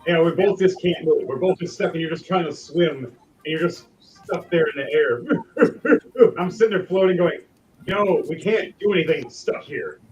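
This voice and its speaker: A man's voice: fairly high pitch, expressive, normal speed, a little mellow, recorded from a distance, dull audio, a little hiss or hum. A man running a tabletop game as game master, narrating theatrically.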